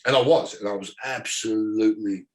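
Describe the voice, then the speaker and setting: A man in his forties with an Australian accent, a former footballer telling an animated story in conversation and acting out what others said. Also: lowish voice, moderate pace. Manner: animated storyteller who acts out dialogue and laughs often.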